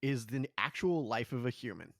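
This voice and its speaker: A man co-hosting a podcast, adding dry, deadpan, sarcastic quips to a casual movie recap. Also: medium pitch, fairly quick, creaky, no echo. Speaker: podcast producer and co-host.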